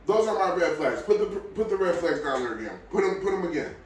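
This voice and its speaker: A man's voice: sing-song, brisk, hardly any pauses. Blunt man ranting in an echoey room. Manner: blunt, opinionated, swings between low mutters and loud outbursts. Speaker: podcast host. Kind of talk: casual solo podcast rant. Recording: very echoey room, mic at a distance.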